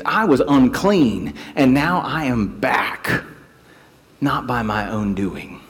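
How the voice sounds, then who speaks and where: Animated male preacher in reverb. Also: mid-range voice. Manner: animated storytelling with acted quotes. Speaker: pastor. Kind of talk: sermon.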